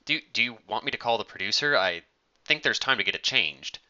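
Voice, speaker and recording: A timid young henchman, as a male narrator plays him, stammering and eager to please. His voice is sharp and bright and jumps around in pitch, through a muffled lo-fi recording. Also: expressive, fairly quick. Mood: flustered. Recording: dull lo-fi recording.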